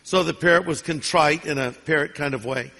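A man's voice: a little high, fairly quick, vocal fry, bright, forceful tone. A man in his sixties, a pastor preaching a sermon in a folksy, humorous storytelling manner. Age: 60s. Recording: long reverb of a large hall.

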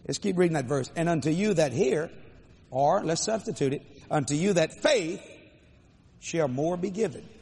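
Animated older preacher, gravelly, echoey hall. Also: male voice, normal speed. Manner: animated, dramatic pitch swings, playful asides. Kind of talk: storytelling sermon. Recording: echoey hall, faint crowd ambience.

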